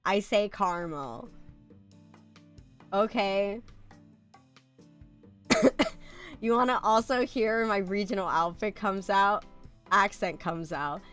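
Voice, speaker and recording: A woman's voice: mid-range voice, steady tone, slow, pauses often, fairly bright tone, soft background music. A sick woman streamer with a light American country accent, chatting casually and bluntly, laughing often and coughing. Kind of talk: casual live-stream chat.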